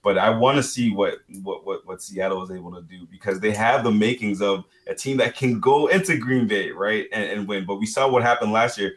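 Male sports analyst guest, lowish voice, loose rambling delivery full of "you know" and "right". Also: fairly quick, hardly any pauses. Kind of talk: casual sports talk.

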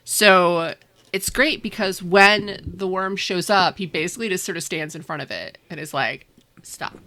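A woman chatting casually about a book, retelling scenes and acting out characters in quick voices. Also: fairly low pitch. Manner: animated, acts out characters in quick voices, laughs often. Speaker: podcast co-host discussing a book. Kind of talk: casual chat.

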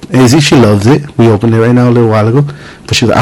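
Man telling lively family stories. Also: medium pitch, racing, rough recording. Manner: animated storytelling, acts out his daughter's lines. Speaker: podcast host. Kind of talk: casual chat.

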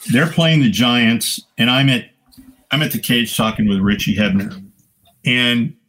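An older man, a guest photographer, telling casual stories in a lively raconteur's way, swearing freely. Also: mid-range voice. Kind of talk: casual anecdotal storytelling.

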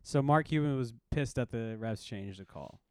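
A man's voice: mid-range voice, normal speed, darkish tone, clear, resonant tone, no echo. A man co-hosting a podcast, chatting casually about basketball, rambling with frequent restarts and laughter. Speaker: podcast co-host. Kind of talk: casual sports chat.

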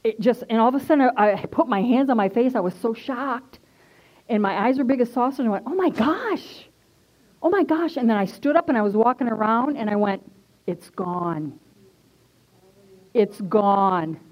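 A woman's voice: on the high side, fast. A woman minister giving a personal testimony in a sermon, earnest and conversational, stressing points by repeating them. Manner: earnest and conversational, emphatic repetition. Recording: dull lo-fi recording.

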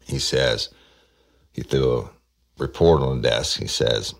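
Very deep, gravelly man. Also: takes it slowly. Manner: blunt, profane, plain-spoken. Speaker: retired detective telling his cases. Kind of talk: casual spoken storytelling.

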